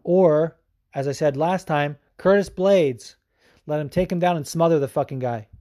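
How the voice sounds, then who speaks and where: A man's voice: on the high side, moderate pace, mellow, dry recording, clean studio sound. Profane rambling male podcast host. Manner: profane, rambling, frequent fillers. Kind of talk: casual podcast commentary.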